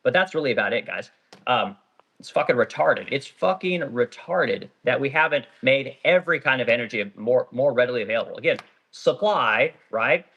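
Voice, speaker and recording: A man's voice: medium pitch, lively intonation, moderate pace, bright, forceful tone, breathy edge, highs cut off. A middle-aged man who owns a small business, ranting bluntly and profanely on a casual livestream while reading out viewer comments. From Oregon. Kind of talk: casual live-stream rant reading comments.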